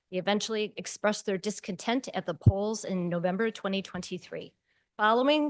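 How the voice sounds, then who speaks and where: A woman resident reading a prepared public comment at a city meeting, pointed and at times sarcastic. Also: medium pitch.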